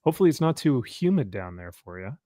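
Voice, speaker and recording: A young man from California hosts a relaxed livestream, cracking jokes, laughing easily and reading out viewer comments. His voice sounds close and dry, with no room around it. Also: medium pitch, fast, dry recording. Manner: jokey, laughs often, reads viewer comments aloud. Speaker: livestream host. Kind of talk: casual chat.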